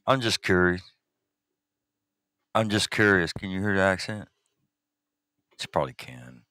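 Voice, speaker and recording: A man's voice: deep voice, lively intonation, unhurried, bright, forceful tone, clear, resonant tone, no room sound, studio quality. Texan man, crude rambling podcast chatter. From Texas. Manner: crude, rambling, reads chat aloud. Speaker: podcast host. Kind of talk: casual live-stream chat.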